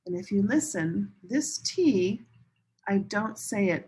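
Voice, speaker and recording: A woman teaching English as a second language in a recorded online lesson, modeling pronunciation slowly and carefully and repeating words for learners. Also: mid-range voice, expressive, darkish tone, slightly rough, rough recording. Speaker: ESL teacher.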